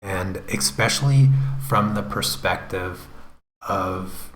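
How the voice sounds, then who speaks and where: A young man chatting on a live stream as the host of an art channel, rambling and halting, with many fillers and restarts. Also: sits low, a bit bright, reverberant, a little hiss or hum. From United States. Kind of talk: casual live-stream chat.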